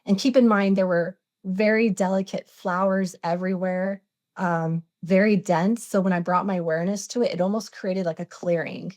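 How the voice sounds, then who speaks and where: A woman's voice: mid-range voice, steady tone, normal speed, darkish tone. A woman in her forties, a podcast guest, earnestly retelling a personal experience, acting out the dialogue as she goes. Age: 40s. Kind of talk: personal storytelling interview.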